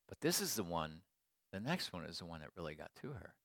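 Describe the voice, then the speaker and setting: A middle-aged man preaching a sermon to his congregation, moving between quiet storytelling and emphatic declarations. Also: sits low, big pitch swings, quick pace, dry recording, clean studio sound. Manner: storytelling, swings from hushed asides to emphatic proclamation. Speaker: pastor.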